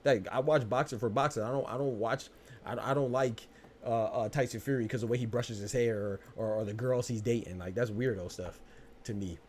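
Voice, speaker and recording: A male podcast host from the United States talks quickly, with a mid-range voice. He argues back at his live chat in a combative way, stammering and restarting. He keeps circling back to the same points. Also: mid-range voice, darkish tone, a little hiss or hum. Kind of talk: live-stream podcast talk, answering chat.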